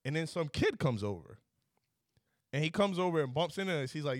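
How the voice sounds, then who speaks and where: A man's voice: fairly high pitch, sing-song, fairly quick, long pauses, no room sound, clean studio sound. A young man hosting a podcast, telling a story in casual chat and acting out both sides of the exchange. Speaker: podcast host.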